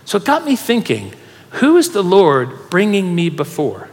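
A man's voice: sits high, wildly swooping pitch, a little slow. A man preaching a sermon to a congregation, telling stories and urging listeners to respond. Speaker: pastor. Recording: long hall reverb.

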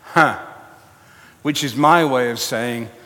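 A man preaching a sermon, telling a personal story with animated, self-mocking humor. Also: medium pitch, slow pace. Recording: long hall reverb.

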